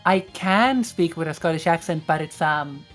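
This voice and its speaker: A woman's voice: low voice, expressive, moderate pace, soft background music. A woman whose first language is not English, hosting a casual stream chat, hesitant with many fillers as she reads out the chat. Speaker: streamer host.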